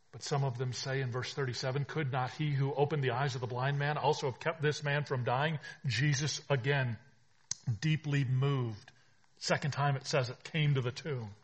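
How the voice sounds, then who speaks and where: A man preaching a sermon as pastor, swinging between hushed reflection and emphatic, rising declarations. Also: mid-range voice, husky.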